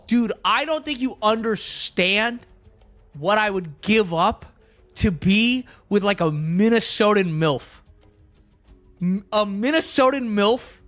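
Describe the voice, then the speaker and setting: A man's voice: sits high, a bit bright. A young man streaming live, chatting casually with his chat in a blunt, crude, rambling way.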